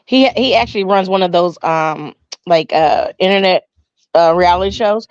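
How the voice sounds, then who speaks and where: A woman co-hosting a casual chat, telling stories in a chatty, halting way. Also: on the low side, smooth, no room sound. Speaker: podcast co-host. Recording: dry, dull lo-fi sound.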